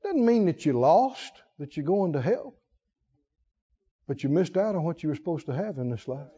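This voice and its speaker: A man preaching a sermon in an animated style, acting out stories and dropping into hushed asides. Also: on the high side, moderate pace, slightly rough, muffled recording.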